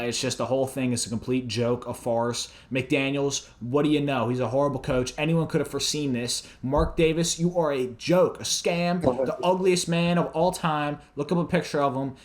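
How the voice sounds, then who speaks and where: A man co-hosting a casual sports podcast, ranting and swearing freely about teams and coaches. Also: mid-range voice. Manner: profane, ranting, heated. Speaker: podcast co-host.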